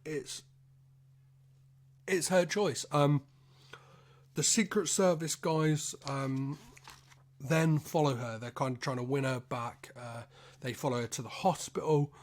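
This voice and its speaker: A man's voice: on the high side, slow pace, long pauses. A man hosting a solo podcast, recapping a film in a loose, rambling way, swearing freely and making self-deprecating asides. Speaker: podcast host.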